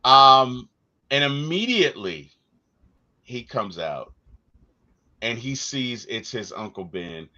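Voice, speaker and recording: A man co-hosting a casual movie discussion, telling stories with animated energy and acting out quotes. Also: mid-range voice, takes it slowly, pauses often, lo-fi sound. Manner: animated storyteller, acts out quotes. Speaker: podcast co-host.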